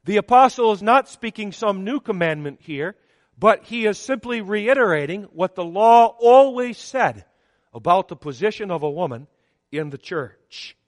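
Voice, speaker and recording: A man preaching a sermon in a church, with measured, emphatic delivery that swings up and down on key words. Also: high-pitched, studio quality. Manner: emphatic, measured preaching with rising and falling stresses. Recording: long hall reverb.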